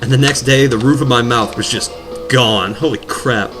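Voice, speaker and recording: A man's voice: medium pitch, normal speed. A man rambling and joking as he commentates his own gameplay, drifting from topic to topic. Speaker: let's play commentator. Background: video game music.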